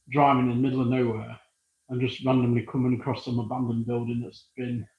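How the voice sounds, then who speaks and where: A man with a British accent chats his way through a live stream in his workshop, rambling and thinking aloud between tasks. His voice is gravelly and husky. He talks at a middling pitch. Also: highs cut off. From United Kingdom. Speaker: livestream host. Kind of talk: casual live-stream chat while working. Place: workshop with a balloon printing machine.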